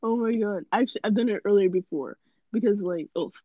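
A woman's voice: mid-range voice, a little fast, dry recording, muffled recording. A young woman co-hosting a casual chat podcast, making jokey, dramatic quips. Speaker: co-host.

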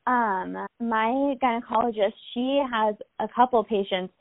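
A woman's voice: fairly high pitch, unhurried, no echo. A woman in her twenties hosting a casual chat, sympathetic and talkative, often laughing along. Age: 20s. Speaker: podcast host. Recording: tinny phone-like line, dry.

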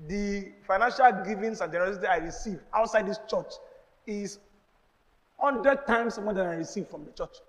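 In a big church hall full of long reverb, a Nigerian-accented pastor delivers a sermon built on emphatic call-and-response with his congregation. He speaks at a moderate pace in a voice that sits high.

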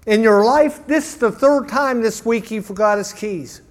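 Grumpy, scolding man fed up with his dog, higher voice, as a preacher acts him out. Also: moderate pace, lightly acted. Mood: exasperated. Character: grumpy exasperated male dog owner.

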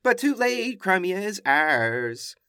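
A swaggering, dismissive figure of Russia, talking in a pitched-up, offhand tough-guy drawl, as a man puts him on. The delivery is dry and close, with no room around it. He shrugs things off and slips in slang. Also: sing-song, slow, pushed and bright, smooth, dry recording, exaggerated voice. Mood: nonchalant.

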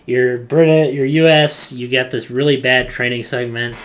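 A man's voice: medium pitch, flat delivery, moderate pace. A man co-hosting a casual chat, recapping rambly with lots of fillers. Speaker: podcast co-host.

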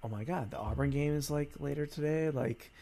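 A man in his thirties chatting casually as a co-host, telling an animated story and acting out the dialogue. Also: on the high side, a little fast, vocal fry. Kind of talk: casual chat.

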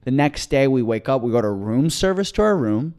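A man in mid pitch tells a long story on a comedy podcast, excited and rambling. He restarts his sentences often and keeps the chat loose. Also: a little fast. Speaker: podcast co-host.

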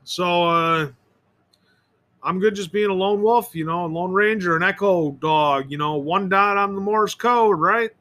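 Rambling, opinionated man with a high, bright voice. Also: unhurried. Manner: rambling, opinionated, repeats and restarts words. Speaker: podcast host. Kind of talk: rambling solo monologue.

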